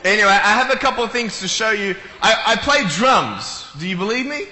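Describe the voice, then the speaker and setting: Male speaker on stage, high and very bright voice, playful comic storyteller, long hall reverb. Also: animated, brisk, slight background noise. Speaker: motivational speaker. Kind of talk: comic talk to a live audience. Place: large hall with an audience.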